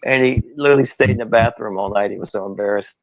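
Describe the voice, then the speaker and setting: A man guest telling stories in an interview, animated and laughing often. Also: fairly low pitch, fast, gravelly, background noise. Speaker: guest, former wrestler. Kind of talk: storytelling interview.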